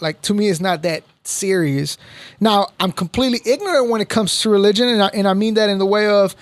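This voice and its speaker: A man's voice: high-pitched, a little fast, dry recording. A man hosting a casual podcast, telling stories in a rambling way with frequent restarts. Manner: rambling, restarts often, animated storytelling. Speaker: podcast host.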